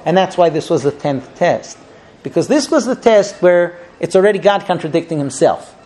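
A man telling a Torah lesson to a group outdoors, animated and full of rhetorical questions. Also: sits high, moderate pace. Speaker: Torah teacher guiding a group. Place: outdoors at a holy site.

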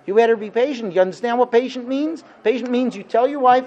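High-voiced man giving an animated Torah talk. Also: quick pace, lo-fi sound. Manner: animated, acts out quoted dialogue, rhetorical questions. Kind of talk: Torah lecture.

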